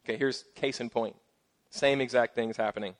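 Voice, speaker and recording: A middle-aged man preaching a sermon as pastor, casual and playful with joking asides and lively emphasis. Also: mid-range voice, moderate pace.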